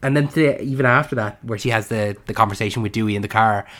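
A man's voice: fairly low pitch, fast talker. A young man co-hosting a film podcast, talking casually and eagerly, often acting out scenes. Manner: animated, acts out scenes from the film. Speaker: podcast co-host.

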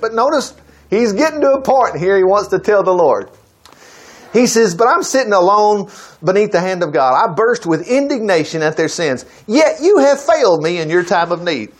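A man gives an informal Bible lesson with a high, lively voice that leaps up and down. He reads scripture aloud, then breaks off with chuckling asides and acts out what the characters say. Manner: chuckles and breaks off to comment mid-reading. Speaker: Bible teacher. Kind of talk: conversational Bible teaching.

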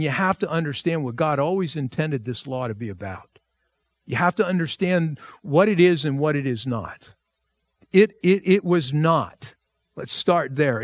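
A man's voice: high-pitched, no room sound. A male pastor preaching a verse-by-verse sermon, emphatic and repeating phrases for stress. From United States.

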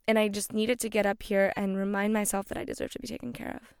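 Young woman, podcast host, gravelly fry, dry close sound, chatty with lots of likes. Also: mid-range voice, level tone, fast talker, hardly any pauses, darkish tone, dry recording. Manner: loose and chatty, many likes and you-knows. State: emotional, near tears. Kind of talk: casual solo podcast talk.

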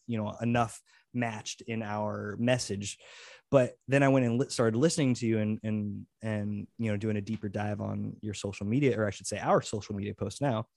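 A man's voice: lowish voice, vocal fry, no room sound, clean studio sound. A man chatting as a new podcast co-host, earnest and rambling, with many restarts. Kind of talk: casual podcast chat.

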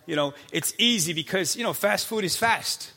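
A man in his thirties preaching a lively, playful sermon in a church, acting out quick voices as he goes. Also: sits high, vocal fry. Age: 30s. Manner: energetic, playful, acts out God's voice. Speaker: pastor. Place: church sanctuary. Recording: long hall reverb.

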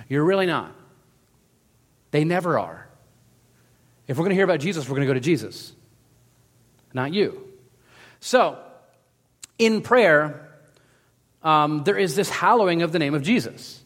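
A man preaching a sermon in a casual, animated storytelling manner, acting out quotes as he goes. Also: on the high side, long reverb tail. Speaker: pastor.

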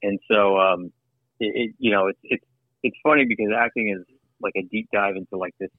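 A man being interviewed about his work as an actor and producer, talking in a loose, animated way with frequent laughs and restarts. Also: on the low side, fairly quick, dry recording. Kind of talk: casual interview conversation. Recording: phone-like remote line.

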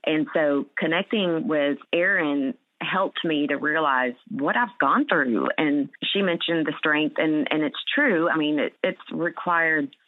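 A woman's voice: low-pitched, measured pace, hardly any pauses, dry recording. A woman, a cancer survivor being interviewed, speaking earnestly and emotionally with many fillers and restarts. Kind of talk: heartfelt conversational interview. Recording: tinny phone-like line.

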